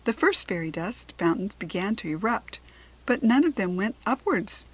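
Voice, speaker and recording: Husky American woman reading a storybook. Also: medium pitch, big pitch swings, normal speed, rough recording. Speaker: children's book reader. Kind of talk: reading aloud to children.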